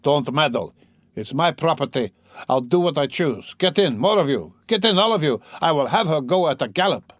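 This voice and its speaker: A man reading an audiobook, voicing a young, drunken, brutal peasant carter who shouts and bullies. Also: fairly high pitch, expressive, moderate pace, no room sound, clean studio sound. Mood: furious. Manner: shouting, bullying.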